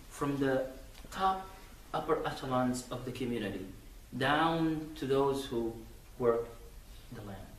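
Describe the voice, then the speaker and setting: A man's voice: mid-range voice, slight background noise. A man giving a Friday sermon, telling stories animatedly with acted quotes. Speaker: preacher. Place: mosque. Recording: echoey mosque hall from far off.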